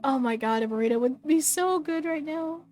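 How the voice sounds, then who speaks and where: Giggly streamer girl rambling into her desk mic, high voice, bit of game music. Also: moderate pace, darkish tone. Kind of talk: casual game commentary.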